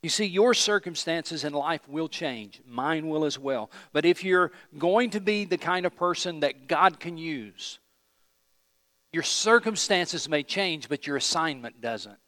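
A man's voice: a little high, animated, a little slow, pushed and bright, dry recording, big-room sound. A man pastor preaching a sermon, emphatic and putting questions to the congregation.

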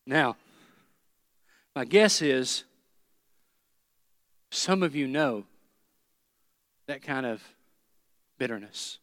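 A man's voice: mid-range voice, lively intonation, drawn-out words, long pauses, a bit bright, no room sound. Preacher, male, emphatic, builds through repeated phrases, dry close sound. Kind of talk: sermon.

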